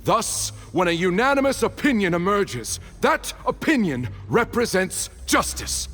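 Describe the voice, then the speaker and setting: Male game juror, coldly persuasive, high lively voice, echoing hall. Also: full character voice. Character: male juror leading the ghostly court crowd.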